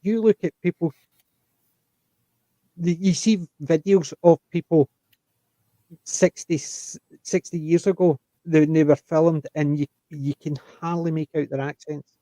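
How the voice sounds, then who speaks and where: A man explaining things in a rambling, animated way during a casual panel chat. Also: a little high, a little slow, no echo, rough recording.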